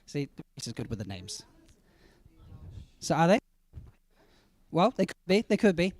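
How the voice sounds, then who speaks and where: A man hosting a live convention panel, chatty and quick with asides to the audience. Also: on the high side, very animated, a little mellow. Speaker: panel host.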